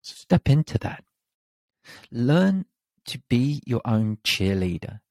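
A man's voice: mid-range voice, big pitch swings, takes it slowly, a little mellow, no room sound. A man hosting a motivational podcast, talking in an emphatic, encouraging way and swearing casually. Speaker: confidence podcast host and coach.

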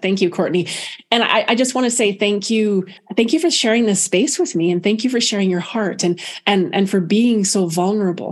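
A middle-aged woman, a guest on a podcast, telling a personal story in an animated, expressive way with many restarts. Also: mid-range voice.

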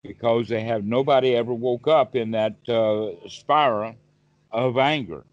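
A man giving a calm, explanatory Buddhist talk on a group call, often repeating words as he thinks. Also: medium pitch, a little slow, no echo, lo-fi sound. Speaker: Buddhist teacher. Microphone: video call.

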